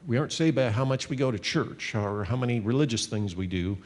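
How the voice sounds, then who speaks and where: A man's voice: mid-range voice, lively intonation, fairly quick, darkish tone, in a large hall. A man teaching a sermon as a pastor, earnest and conversational, reading passages of scripture aloud.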